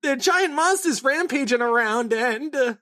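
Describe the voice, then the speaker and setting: A man's voice: extremely high pitch, lively intonation, measured pace, pushed and bright, dry recording, clean studio sound, pitched above the performer's own voice, full character voice. A man voicing a small male reindeer doctor in a frantic, urgent rush. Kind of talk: reading comic aloud in podcast.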